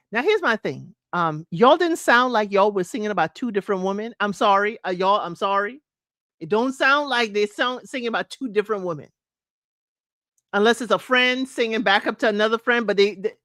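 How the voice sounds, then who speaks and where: Woman host, unhurried chatty solo talk, higher voice, dry close mic. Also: fairly bright tone, no echo. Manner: chatty, addresses listeners as y'all, sings snippets of lyrics. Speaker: podcast host. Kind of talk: casual solo talk about music.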